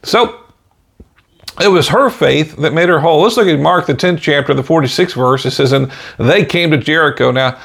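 A man with a fairly high, gravelly voice preaches a relaxed podcast sermon. He talks in a folksy way, scatters "amen" and "you know" throughout, and chuckles softly between points. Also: normal speed.

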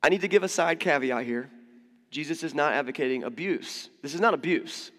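A man preaching a sermon in a relaxed, conversational way, mixing humor and asides into his teaching, recorded in a church sanctuary. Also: on the high side, fairly quick, in a large hall. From United States. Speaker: pastor.

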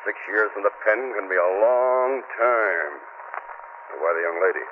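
An actor playing a gangster boss just out of prison, talking in a mock-polite, sneering way in 1940s radio acting. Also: male voice, fairly low pitch, a little slow, close to an everyday voice. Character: gangster boss, smooth and menacing. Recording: tinny, hissy old radio broadcast.

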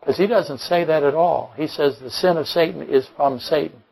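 A man's voice: a little high, normal speed, gravelly, a little mellow, poor audio. A man preaching a sermon to his congregation as pastor, emphatic, with rhetorical questions and dry jokes. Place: church.

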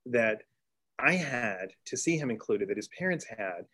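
A middle-aged man from Texas, a teacher telling a classroom story in an interview, earnest, with restarts and excited bursts. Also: medium pitch, unhurried. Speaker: teacher and author guest. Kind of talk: storytelling in conversation.

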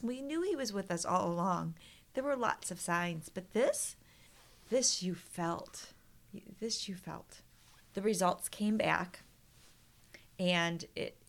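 A woman's voice: lowish voice, creaky. A middle-aged woman, a podcast guest, earnestly retelling a personal story with emotion and quoted prayers.

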